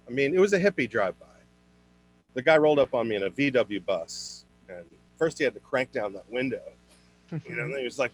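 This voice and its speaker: Animated man doing stand-up comedy. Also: a little fast, long pauses, husky. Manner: animated, jumps into high put-on voices for characters. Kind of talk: virtual stand-up set. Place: home, online comedy show.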